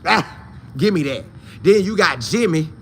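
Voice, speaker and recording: Hype guy hosting a football show, kinda high bright voice, faint hiss behind him. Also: a little slow. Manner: animated, slangy, talks straight to viewers as "y'all". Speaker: sports show host. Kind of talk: casual football talk show.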